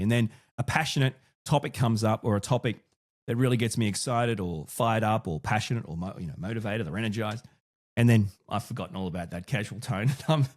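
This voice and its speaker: A man hosting his own podcast, talking casually and thinking aloud with frequent restarts and asides. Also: fairly low pitch. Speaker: podcast host. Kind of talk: casual solo podcast talk.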